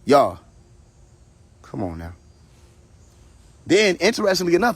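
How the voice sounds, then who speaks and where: A man's voice: on the high side, lively intonation, brisk, pauses often, husky, dry recording. A man hosting a live stream, ranting in a confrontational, preachy way, full of profanity and repeated phrases, talking from a phone. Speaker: livestream host. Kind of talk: heated casual rant on a live stream.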